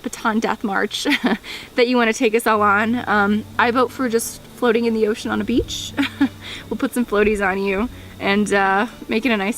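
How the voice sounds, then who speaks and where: A woman's voice: medium pitch, vocal fry, low-quality recording. A young woman speaking in a documentary interview, heartfelt and tearful, her voice wavering with emotion. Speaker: daughter of the climber.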